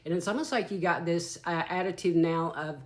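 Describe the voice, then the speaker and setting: Low-voiced woman giving a tarot reading. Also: brisk. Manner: chatty and earthy, swears freely, calls listeners y'all and darling. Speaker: tarot reader. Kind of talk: casual channeled tarot reading.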